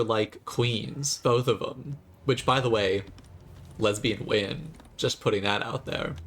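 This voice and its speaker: A man commenting on his live gameplay, chatty and quick to toss off sarcastic jokes. His voice sits at an ordinary middle pitch. He talks straight to his viewers. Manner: chatty and jokey, sarcastic asides. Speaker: streamer.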